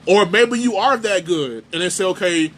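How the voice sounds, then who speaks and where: Here a sports talk host goes on an emphatic, repetitive rant, driving his points home over and over in a fired-up way. His expressive voice sits high and moves at normal speed, with slight noise in the background.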